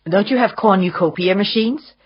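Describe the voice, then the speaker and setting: Narrator plays a sharp-tongued young woman, brisk and a little bitter; husky tone. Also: medium pitch, highs cut off, natural voice. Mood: sardonic. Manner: brisk, sardonic, uses Scots words. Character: blunt, quick-witted young woman, bitter edge.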